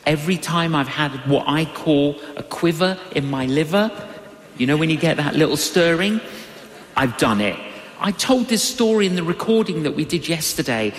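A man preaching a sermon, telling personal stories with animated swings in his voice. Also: moderate pace, roomy sound, big-room sound. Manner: animated storytelling with big pitch swings.

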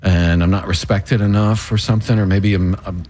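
A man's voice: sits low, steady tone, normal speed, darkish tone. A man hosting a radio show, chatting casually and candidly with self-deprecating humor. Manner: candid, self-deprecating, rambling when thinking aloud. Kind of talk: casual on-air banter.

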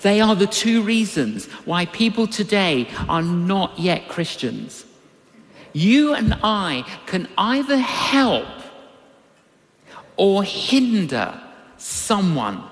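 An older man preaches a sermon, slowly and in a high voice, telling a personal story with animated flair and acting out the voices of the people in it. The recording carries the long reverb of a large hall.

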